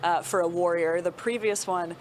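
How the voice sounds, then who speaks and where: A woman hosting a sports talk show, running through stats in a quick, upbeat way and laughing often. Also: on the low side, fairly even intonation, slight background noise.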